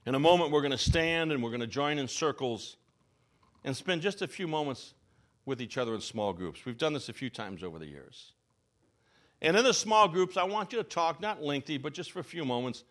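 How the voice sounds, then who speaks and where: A male pastor preaching a sermon, telling a story with expressive, rising and falling delivery and slow, emphatic phrases. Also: a little high.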